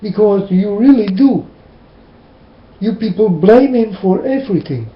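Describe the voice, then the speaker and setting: A man from the Netherlands with a Dutch accent, preaching casually in an earnest, halting way and asking the same questions again and again. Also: sits high, lively intonation, roomy sound, muffled recording. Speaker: religious vlogger.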